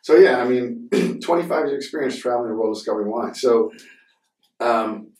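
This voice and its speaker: A man's voice: medium pitch, lively intonation, fairly quick, a little mellow. A man hosting a podcast, chatting casually and rambling with many fillers and restarts. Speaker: podcast host. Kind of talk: casual conversation. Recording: roomy sound from a distant mic.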